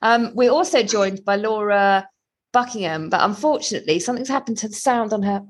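A woman's voice: medium pitch, fairly quick. A woman co-hosting a podcast, chatty and giggly, joking at her own expense over a video call. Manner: chatty, giggly, self-deprecating. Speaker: podcast co-host. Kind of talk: casual chat.

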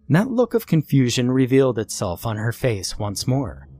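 A man telling a first-person horror story, expressive and acting out the dialogue. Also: medium pitch, moderate pace, hardly any pauses.

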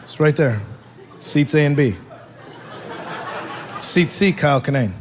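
A man's voice: on the high side, a little slow, a crowd in the background, noisy background. A man performing stand-up comedy, telling a rambling, self-mocking story.

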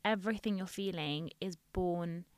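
A woman's voice: on the low side, normal speed, dry recording. Earnest woman in candid podcast chat. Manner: earnest, open and reassuring. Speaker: dentist guest.

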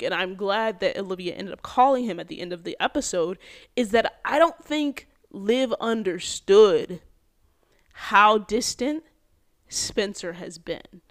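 A woman hosting a podcast, recapping a TV episode in an animated, casual way with many fillers and quick bursts. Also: medium pitch. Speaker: podcast host.

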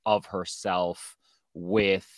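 A podcast host in casual chat, throwing in quick joking asides. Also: sits low, level tone, no room sound, studio quality.

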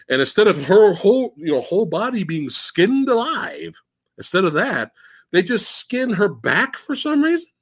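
Animated, profane male podcast host. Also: on the high side. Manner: animated, profane, mocking plot retelling. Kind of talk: casual podcast film discussion.

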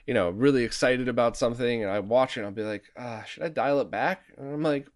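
Chatty male podcast host, mid pitch. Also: fast talker. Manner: chatty and self-deprecating, laughs easily. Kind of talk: casual podcast conversation. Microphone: remote recording mic.

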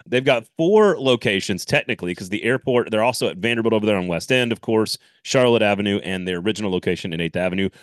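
A man co-hosting a casual sports podcast, animated and rambling, often laughing and restarting. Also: lowish voice, fast, hardly any pauses, no echo, studio quality. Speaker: podcast co-host.

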